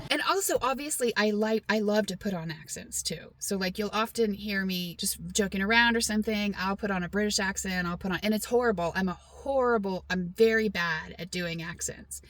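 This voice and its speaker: A woman's voice: mid-range voice, normal speed, few pauses, a bit bright. Chatty Texan woman vlogging. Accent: mostly neutral American, light Southern Texas twang at times. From Texas. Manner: chatty and self-deprecating, with frequent fillers. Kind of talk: casual talk to camera.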